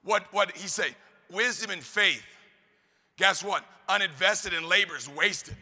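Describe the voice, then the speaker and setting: A man giving a fast-firing motivational speech to a live audience, pumping up the crowd with call-and-response questions and shouts. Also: sits high, husky. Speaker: motivational speaker. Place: large event hall. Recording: hall reverb, live event.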